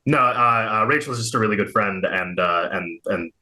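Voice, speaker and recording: A man's voice: fairly low pitch, normal speed, bright, forceful tone. A man from Arkansas with no regional accent, a comic writer chatting as an interview guest with many fillers and restarts. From Little Rock, Arkansas. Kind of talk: casual interview chat.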